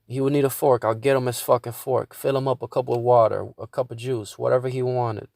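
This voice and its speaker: A man's voice: medium pitch, steady tone, fairly quick, creaky, darkish tone, dry recording. A man hosting his own podcast, venting in a casual monologue with a lot of swearing and stumbling restarts. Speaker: podcast host.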